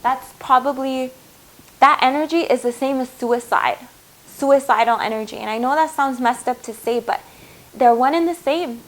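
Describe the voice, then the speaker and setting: A woman's voice: high voice, normal speed, fairly bright tone, poor audio. A woman giving a heartfelt spiritual tarot reading, earnest and reassuring, speaking to viewers as her loves. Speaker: tarot reader.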